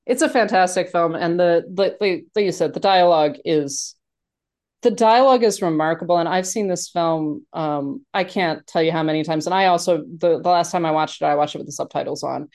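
A woman's voice: fairly low pitch, brisk, darkish tone. A woman in a casual film discussion, talking animatedly with many restarts and fillers.

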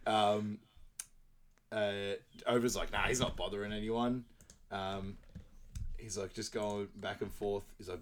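A man's voice: lowish voice, slow, long pauses. A man co-hosting a casual movie recap podcast, retelling scenes and laughing often. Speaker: podcast co-host.

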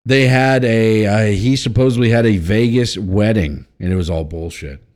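A podcast host reads headlines aloud and cracks crude jokes in a casual show, swinging between loud and mumbled. His voice is lowish and his pace moderate.

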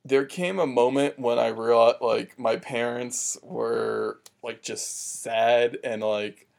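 A man with a gravelly voice chats on a podcast, mid-pitched and unhurried. He talks hesitantly, with many fillers and restarts. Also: fairly even intonation. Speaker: podcast co-host. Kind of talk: casual chat.

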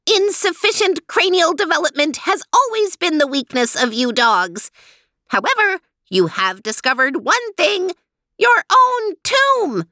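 A sneering mechanical bird villain hisses in a thin, tinny voice pitched far up, slow and gloating. The storybook recording is dry and close. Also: female voice, very animated, sharp tone, no echo, full character voice. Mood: gloating menace. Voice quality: tinny, hissing.

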